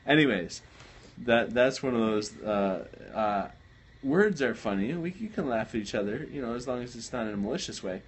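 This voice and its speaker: A man's voice: mid-range voice, animated, normal speed, slightly rough. A man co-hosting a late-night livestream, casually chatting, joking and teasing. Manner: joking, teasing, laughs a lot. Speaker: livestream co-host.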